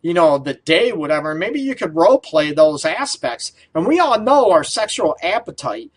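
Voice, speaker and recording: A male radio host riffs casually into a studio mic, his voice sitting a little on the high side. He rambles through loose questions, padding them with fillers and breaking into chuckles. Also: big pitch swings, moderate pace, slightly rough. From Detroit area. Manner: rambling, full of fillers, laughs often. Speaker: radio show host, relationship counselor.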